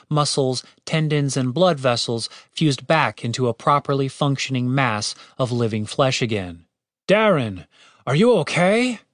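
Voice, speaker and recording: A man narrating a comedic fantasy story with expressive, animated storytelling. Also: mid-range voice, no echo, studio quality.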